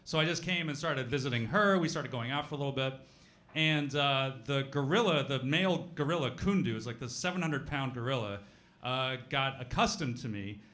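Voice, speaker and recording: A man's voice: mid-range voice, animated, a little fast, fairly bright tone. A man from Denver, a guest player on a live stage show, telling a rambling anecdote with laughter. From Denver, USA.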